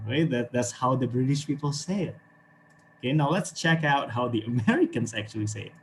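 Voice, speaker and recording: A man's voice: mid-range voice, lively intonation, brisk, slight background noise. A man from Indonesia with an Indonesian accent, teaching an online English class with encouragement, often checking in with "okay" and "right". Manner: encouraging, repeats words, frequent okay and right.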